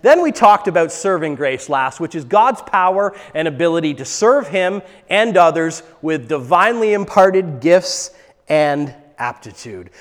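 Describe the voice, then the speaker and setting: An animated pastor, his voice notably high, preaches unhurriedly and emphatically, hammering points through repetition. The recording comes from a church, where the big hall's long reverb lingers behind his words.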